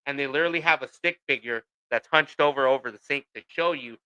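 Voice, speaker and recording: Rambling, profane man with a bright voice. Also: medium pitch, fast, smooth, dull audio. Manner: profane, rambling storytelling with many fillers. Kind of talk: casual chat.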